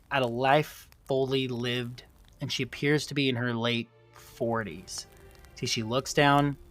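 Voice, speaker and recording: A man's voice: medium pitch, fairly bright tone. A man narrating as game master of a tabletop role-playing game, rambling with many fillers.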